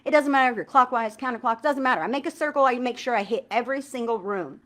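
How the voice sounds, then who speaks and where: Woman, spiritual vlogger, slightly high voice, earnest, enthusiastic, casual slang, slow heartfelt recitation. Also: a bit bright. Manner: recites prayer lines slowly with feeling. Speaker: tarot reader and spiritual vlogger. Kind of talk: casual spiritual talk to camera.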